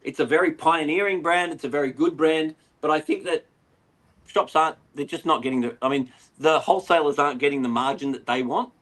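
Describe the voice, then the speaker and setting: A middle-aged Australian man who runs an aquarium shop chats casually as a guest, rambling through his stories with animation. His voice is on the high side and a little fast.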